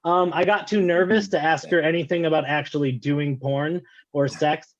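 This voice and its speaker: Stand-up man, slightly high voice, self-deprecating, rambling, lo-fi call audio. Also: steady tone, moderate pace. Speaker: stand-up comedian. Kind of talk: stand-up set over a video call. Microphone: video call.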